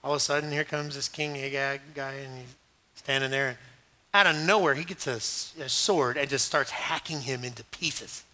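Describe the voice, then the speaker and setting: A middle-aged man preaching a sermon, animated and acting out scripture scenes in different voices. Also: medium pitch, normal speed. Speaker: pastor.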